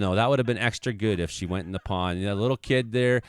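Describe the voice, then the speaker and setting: A man commenting on animal videos in a casual, joking style. He gets excitable and swears freely. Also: on the low side, fast talker, few pauses, smooth, no echo, clean studio sound. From Canada.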